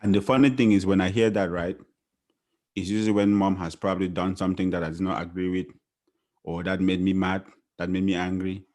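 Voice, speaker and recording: A young man leads a casual podcast conversation. He sounds relaxed and often doubles up words mid-sentence. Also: low voice, a little fast. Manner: relaxed, repeats words as he speaks. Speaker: podcast host.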